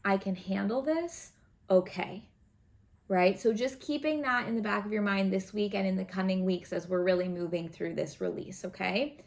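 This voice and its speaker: Speaking briskly in a mid-range voice with fairly even intonation and hardly any pauses, a tarot reader delivers a casual reading to camera. She's chatty, earnest, and encouraging, often tossing in "right?" and "okay?" to check on the listener.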